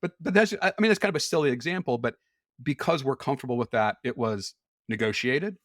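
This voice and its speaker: A man's voice: medium pitch, expressive, quick pace, fairly bright tone, dry recording, clean studio sound. A man talking candidly as a podcast guest, explaining things frankly with occasional laughs. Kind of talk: casual conversation.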